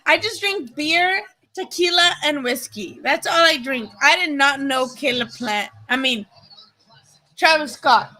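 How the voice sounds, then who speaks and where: A young woman streamer from Nayarit, Mexico, talking to her viewers in a loose, excitable way with plenty of swearing. Her voice sits high and sounds very bright and sharp. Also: poor audio. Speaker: boxing commentary streamer. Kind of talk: casual livestream chat.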